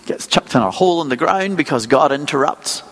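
A man preaching a sermon as a pastor, telling stories in a lively, conversational way and acting out small scenes. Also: on the high side, a little fast, in a large hall. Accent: non-local accent.

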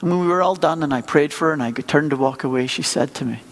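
A male pastor delivers a sermon in a slightly high voice. He talks like he is telling stories to friends, with lively rises and drops, and acts out little scenes as he goes. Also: fast, big-room sound. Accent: non-local accent. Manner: storytelling, lively and conversational, acts out small scenes.

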